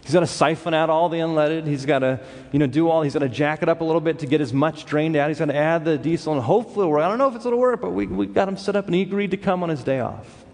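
A man from Los Angeles preaches by telling a story, acting out the voices of the people in it. His voice sits a little high for a man. It rings out with a long reverb, as in a large hall. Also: very fast, few pauses. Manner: animated storyteller who acts out quoted voices. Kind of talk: sermon storytelling.

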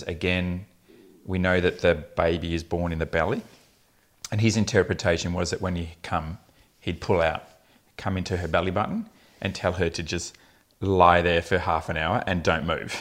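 A man's voice: sits low, a bit bright. A man, a fertility specialist telling blunt, funny patient stories in a casual podcast chat. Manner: anecdotal, laughing often, blunt humour.

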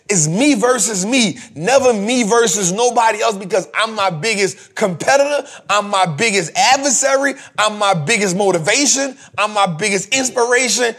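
Animated husky man preaching about money. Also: sits high. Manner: animated, preachy, repetitive, addresses co-host by name. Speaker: podcast host. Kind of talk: motivational talk on investing.

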